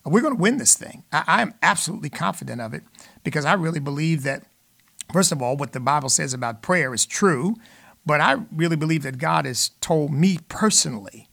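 Male call-in radio host, fairly high-pitched and gravelly, preaching with emphatic peaks. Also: animated, brisk, a bit bright. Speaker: radio talk show host.

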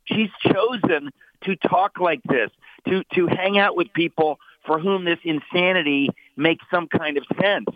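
A man's voice: on the high side, a little slow, no echo. A middle-aged man talking as a guest commentator, emphatic and mocking, stumbling over repeated words. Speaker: guest author. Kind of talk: heated talk show commentary. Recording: tinny phone line.

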